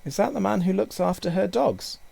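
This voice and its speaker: An eager, curious young boy, voiced by a man reading a storybook aloud, full of earnest questions. The voice sits high and bounces lively, with a gravelly edge underneath. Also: a little fast, exaggerated voice. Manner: inquisitive, earnest.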